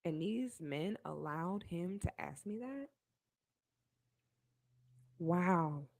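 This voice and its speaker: Reacting to a video as a debate panelist, a young woman is heated and indignant, emphatic and repetitive. Her fairly low voice is a little mellow, with lively intonation and drawn-out words.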